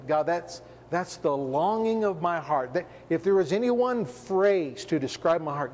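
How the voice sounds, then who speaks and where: A man preaching a sermon, firing off rhetorical questions with emphasis and sinking into a hushed tone for personal stories. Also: on the high side, expressive, a little slow, hardly any pauses, long reverb tail, slight background noise.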